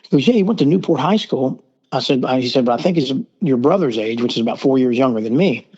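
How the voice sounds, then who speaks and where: A man's voice: mid-range voice, animated, fast talker, darkish tone, husky. Rambling Southern man, muffled call audio. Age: middle-aged. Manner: rambling, acts out quoted dialogue. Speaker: podcast guest. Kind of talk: casual storytelling. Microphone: remote call.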